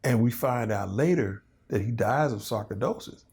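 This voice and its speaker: A man in his fifties, a comedian and guest, telling stories in a loose, animated way in a casual interview chat. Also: mid-range voice, normal speed. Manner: animated storytelling, loose and conversational.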